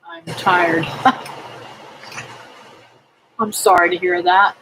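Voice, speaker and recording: A middle-aged woman hosting a casual livestream, praying aloud and chatting with viewers in a slow, homely way. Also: mid-range voice, level tone, bright, forceful tone, rough recording. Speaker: homestead livestream host. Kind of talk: casual livestream chat reading comments.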